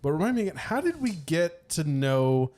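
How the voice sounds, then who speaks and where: Storytelling dad, slightly high voice. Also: male voice, sing-song, normal speed, darkish tone. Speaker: podcast co-host. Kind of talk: casual chat.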